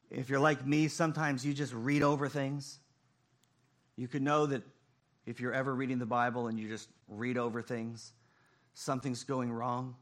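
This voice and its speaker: A man preaching a sermon, swinging between loud emphasis and hushed, quiet phrases. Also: mid-range voice. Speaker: pastor.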